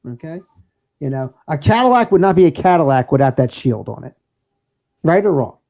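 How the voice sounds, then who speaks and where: On a dull, lo-fi recording, a man who co-hosts a podcast and DJs chats in casual banter. His voice sits on the high side and sounds warm, very animated and a bit fast as he rambles through stories, laughing and restarting often.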